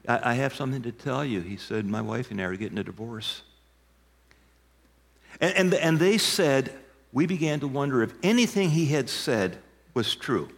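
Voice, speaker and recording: A man in his sixties, a pastor of many years, preaching a sermon and telling stories with emphatic, shouted punchlines. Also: fairly high pitch. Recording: long hall reverb.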